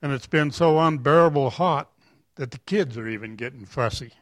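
A man's voice: medium pitch, normal speed, dry recording, pitched above the performer's own voice, close to an everyday voice. A man reading aloud the words of a humble old farmer talking to God like a friend, in a folksy, plain-spoken way. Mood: earnest.

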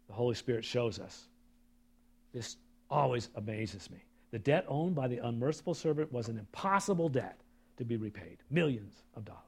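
A man preaching a sermon, reading scripture aloud and breaking off for asides to the congregation, swinging from loud, emphatic reading to low, quiet remarks. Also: breathy edge. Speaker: pastor.

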